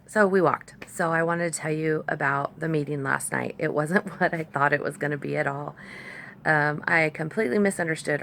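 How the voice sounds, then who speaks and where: A woman's voice: sits low, gravelly, a bit bright. A woman vlogger telling a rambling, chatty story to her phone camera, stopping now and then to talk to her dogs. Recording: faint background noise.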